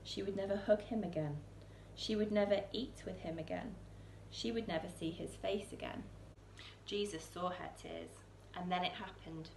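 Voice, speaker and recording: Female storyteller reading a children's book aloud, expressive, low-pitched, roomy church with faint hiss. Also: moderate pace, creaky. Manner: expressive, with soaring questions and hushed lines.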